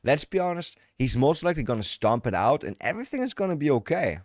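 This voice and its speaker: A man's voice: a little high, very animated, fast talker, a little mellow, no echo, studio quality. A man livestreaming, reacting to videos with joking, profane live commentary.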